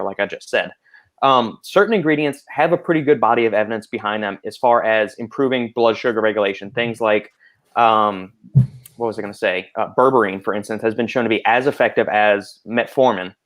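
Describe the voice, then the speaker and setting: A man hosting a panel podcast, explaining at length in casual talk full of fillers. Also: lowish voice. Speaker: podcast host.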